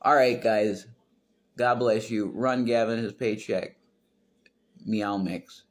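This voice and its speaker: A man's voice: fairly low pitch, fairly even intonation, takes it slowly. Blunt, rambling man on a livestream. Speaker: livestream host reading chat. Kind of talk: casual livestream chat.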